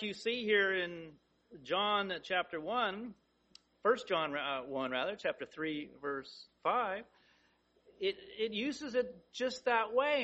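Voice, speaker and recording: A man delivers a sermon in a bright, high voice. He speaks slowly and deliberately, and his pitch swings widely as he drives points home with repeated phrases. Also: muffled recording. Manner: emphatic, repeating phrases with rising intensity. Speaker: preacher.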